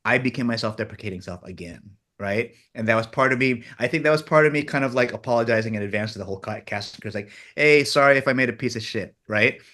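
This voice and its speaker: A man's voice: mid-range voice, fast, few pauses, sharp tone. A man, a film director guest on a podcast, telling a story animatedly and self-deprecatingly, acting out what others said. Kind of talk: casual interview chat.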